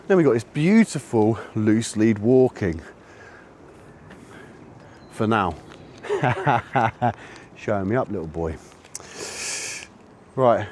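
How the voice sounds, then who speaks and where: A man narrates a dog-training walk outdoors in an unhurried, easygoing way. His pitch swings widely, and it jumps up high whenever he barks quick commands at his dog. Traffic passes faintly behind him. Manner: sharp high-pitched commands to a dog between relaxed chat. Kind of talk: casual narration while walking a dog. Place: outdoors on a woodland and road walk.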